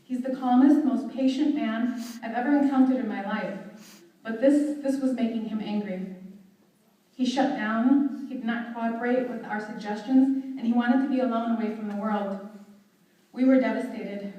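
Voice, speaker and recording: A young woman delivering a heartfelt, measured eulogy at a memorial service, recorded from a distance in a large hall. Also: on the high side, dark tone. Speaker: daughter giving a eulogy. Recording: very echoey hall, voice from far off.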